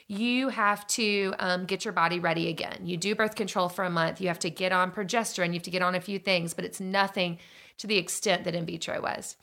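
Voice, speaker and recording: A woman's voice: mid-range voice, creaky. A woman in her thirties telling an earnest personal faith story, acting out what people said. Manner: earnest, animated, acts out dialogue. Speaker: storyteller sharing a faith testimony. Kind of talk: personal testimony, casual storytelling.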